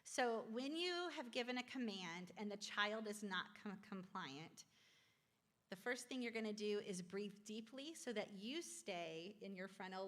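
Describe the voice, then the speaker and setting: A woman presenting a parenting class from slides, chatty and encouraging, quizzing the audience. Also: mid-range voice.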